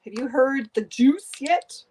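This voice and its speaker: Lady doing a makeup stream, chatty and gossipy, laughing often, talks slow. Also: sits high, a little mellow, husky. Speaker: beauty livestream host. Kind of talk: casual chat while doing makeup.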